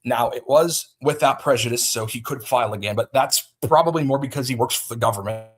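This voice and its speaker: A man livestreams agitated commentary on a feud, with lots of false starts. His voice is mid-range and his pace brisk.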